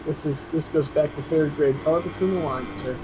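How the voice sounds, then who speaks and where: A man doing casual esports race commentary, chatty and quick to laugh, restarting his sentences often. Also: on the high side, crowd noise, poor audio.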